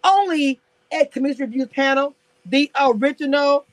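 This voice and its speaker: A woman's voice: a little high, animated, measured pace, pauses often, no echo, low-quality recording. A woman hosting a casual live stream about reality TV, sassy and laughing often as she answers her viewers in chat.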